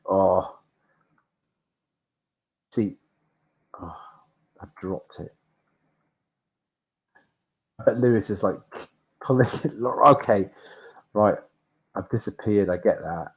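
Male streamer, low-pitched and unhurried, flustered and self-deprecating while playing a retro game. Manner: excitable, flustered, self-mocking, lots of exclamations. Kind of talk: live gameplay commentary.

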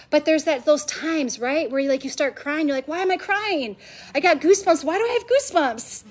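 A woman preaching a sermon to a live audience, passionate and emphatic, stacking repeated phrases. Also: sits high. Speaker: women's ministry speaker. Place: event venue with a live audience.

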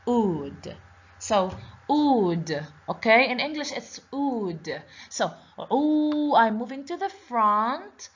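A woman's voice: fairly high pitch, sing-song, slow, fairly bright tone, breathy edge. A woman teaching a children's lesson on letters, patiently repeating each word and asking the class questions. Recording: dull lo-fi recording.

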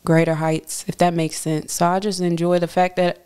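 A woman's voice: lowish voice, level tone, moderate pace, mellow, clean tone. A woman guest on a podcast, a rapper from Jamaica, talking earnestly and from the heart. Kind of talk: casual chat.

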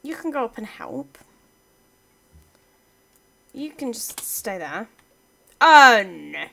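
A woman's voice: fairly high pitch, big pitch swings, slow pace, husky. Chatty woman narrating her game. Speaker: let's play gamer. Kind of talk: casual gameplay commentary.

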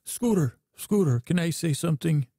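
A man doing a halting, gentle ship computer. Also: a little high, lively intonation, no room sound, clean studio sound, pitched above the performer's own voice. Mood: consoling. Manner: hesitant, slow-processing, soothing.

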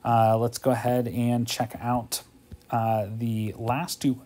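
A man's voice: medium pitch, flat delivery, slow, warm tone. A man teaching a math homework walkthrough, thinking aloud in a casual way, tired and yawning, often checking in with "okay?".

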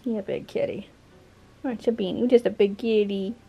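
Mellow-voiced woman chatting playfully. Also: mid-range voice, fairly even intonation, fairly quick, creaky, breathy edge. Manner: playful, giggly, teasing. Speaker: vlogger and cat owner. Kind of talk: casual chat. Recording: music playing behind.

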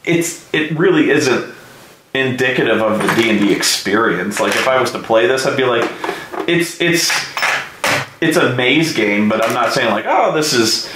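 A young adult man hosting a casual, profane game review rant, animated and swearing freely. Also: mid-range voice, normal speed, echoey room, noisy background. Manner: animated, swears a lot, shouts in excitement. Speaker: show host reviewing a game.

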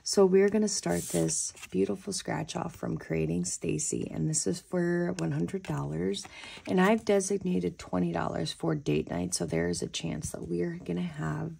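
A woman's voice: lowish voice, moderate pace, vocal fry, mellow, slightly rough. A young adult woman vlogging about budgeting in a chatty, casual way, often exclaiming and saying y'all. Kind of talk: casual chat to camera.

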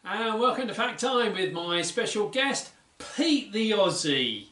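A man's voice: sits high, very animated, measured pace, music in the background. A man hosting a children's church show, delivering announcements and comic sketch lines in a mock-earnest, playful way. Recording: roomy, mic at a distance.

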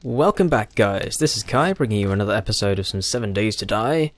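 Brisk and lively in intonation, this young British gaming YouTuber speaks on the low side as he plays. In his British accent he keeps up relaxed, self-mocking chatter throughout the game.

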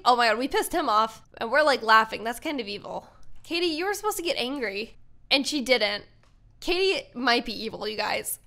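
A woman's voice: fairly high pitch, fairly bright tone. Chatty young woman narrating gameplay. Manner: chatty, giggly, thinking aloud while playing. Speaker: gaming YouTuber. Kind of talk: casual let's-play commentary.

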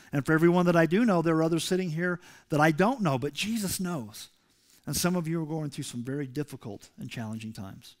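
Emphatic man preaching a sermon. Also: on the high side. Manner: emphatic preaching, rising loud on scripture. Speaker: pastor. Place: church sanctuary.

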